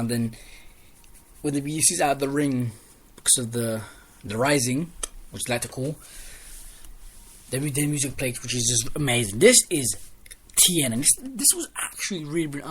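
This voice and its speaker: A man giving a casual spoken review of a wrestling show, rambling and excitable, restarting sentences as he retells the matches. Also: medium pitch, slight background noise. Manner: rambling, excitable recap with restarts and quoted lines.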